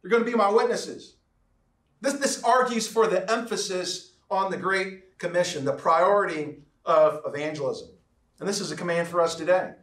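A man preaching a sermon as pastor, emphatic and repetitive, slowing down to stress key words. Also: fairly high pitch, a bit bright, roomy sound, distant mic. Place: church sanctuary.

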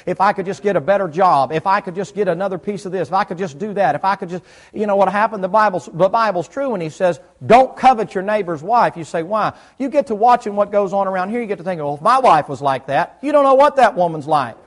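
A man's voice: high voice, animated, fast talker. A middle-aged man, preaching a folksy sermon in church and quizzing his listeners. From United States South. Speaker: pastor.

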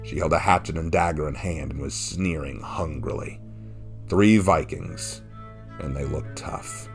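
A man narrating a fan-written action story in a steady, dramatic reading. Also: extremely low pitch, unhurried. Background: faint background music.

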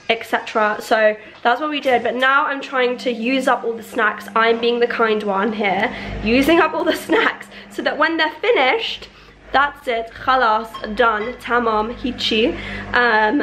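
A woman's voice: fairly high pitch, a bit bright, slight background noise. A young woman in her twenties, chatting casually and playfully to the camera at home. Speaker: vlogger. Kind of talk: casual chat.

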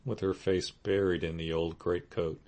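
A man narrating a classic novel as an audiobook in a steady, measured way. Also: low voice. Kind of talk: scripted narration.

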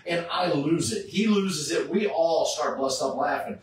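A middle-aged charity Superman cosplayer tells a casual story, his voice slightly high and his pace slightly slow. He's animated, playing out each person he quotes. The mic is far away, the room echoes, and faint noise lingers in the background.

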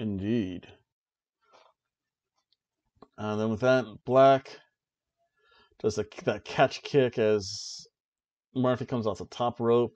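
A man co-hosting a podcast, casually recapping a wrestling show in an excited play-by-play way with jokey asides. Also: fairly low pitch, highs cut off. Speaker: podcast co-host.

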